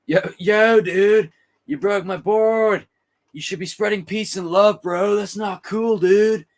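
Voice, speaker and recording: A man voicing an indignant young surfer dude with a loud, drawling slang delivery. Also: high-pitched, steady tone, slow, pitched above the performer's own voice.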